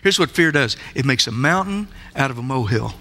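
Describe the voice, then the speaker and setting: Male preacher, sermon delivery, emphatic questioner, sharp bright tone. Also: medium pitch, animated, brisk. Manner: emphatic, asks the listeners many rhetorical questions. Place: church sanctuary.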